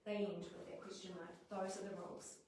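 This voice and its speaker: A New Zealand woman teacher talks parents through classroom writing lessons, lively and chatty. She is picked up from across a very echoey room, with faint noise underneath. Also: mid-range voice, brisk, recorded from a distance. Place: school hall or classroom at a parents' evening. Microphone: livestream device at a distance.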